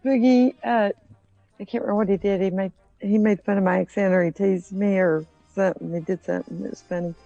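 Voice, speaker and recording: A woman's voice: mid-range voice, fairly even intonation, fairly quick, vocal fry, mellow, no echo, lo-fi sound, soft background music. A woman co-hosting a livestream in casual chat, playful and teasing. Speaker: livestream co-host.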